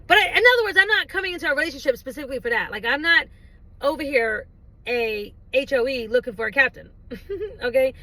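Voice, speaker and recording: A woman's voice: high voice, fast talker, dry recording, low-quality recording. A middle-aged woman chatting casually to camera, telling a story with laughs and squealed quotes. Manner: animated, laughing storyteller who acts out her own squeals. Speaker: vlogger. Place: in a parked car.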